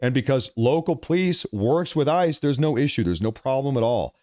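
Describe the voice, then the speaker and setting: A man runs a political livestream, talking in a sarcastic, emphatic rant. His mid-range voice is going hoarse from talking so much. He keeps pressing his points over and over. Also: mid-range voice, lively intonation, moderate pace, a little mellow. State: losing his voice. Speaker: livestream host.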